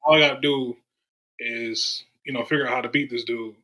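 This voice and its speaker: A man from Durham, North Carolina, sits as a podcast guest and talks through his stories in an easy, casual way. His voice is bright and forward, and he slips into the voices of people he quotes. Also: mid-range voice, a little fast, poor audio. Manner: animated storyteller, acts out quoted voices. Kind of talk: casual storytelling chat.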